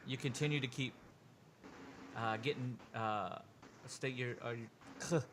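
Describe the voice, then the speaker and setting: A man narrating as game master of a tabletop role-playing game, animated and jumping into quick voices for the people in the scene. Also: medium pitch, heavy background noise.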